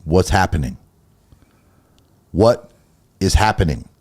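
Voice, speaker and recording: A man co-hosts a faith talk show with an emphatic, heated delivery. His pitch rises and falls widely as he acts out little quoted conversations and presses his point home. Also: animated, slow pace, darkish tone. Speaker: co-host of a Christian talk show. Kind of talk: casual faith talk, preachy.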